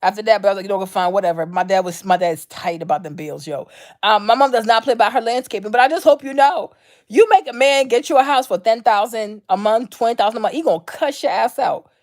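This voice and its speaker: A woman's voice: fairly high pitch, fast. A woman hosting her own vlog, ranting off the cuff in a blunt, profane, slangy way and repeating her points for emphasis. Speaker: vlog host. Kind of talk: unscripted commentary rant.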